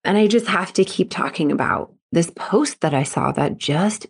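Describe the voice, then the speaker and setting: A woman's voice: lowish voice, expressive, moderate pace, creaky, slightly rough. A woman hosting a solo podcast as a mental performance coach, talking in a fired-up, emphatic and earnest way.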